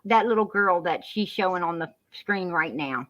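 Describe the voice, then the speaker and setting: A woman talks on a heated live stream with a bright, forceful voice, repeating herself and calling others hon and sweetheart. The audio is muffled and lo-fi. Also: fairly low pitch, animated, moderate pace.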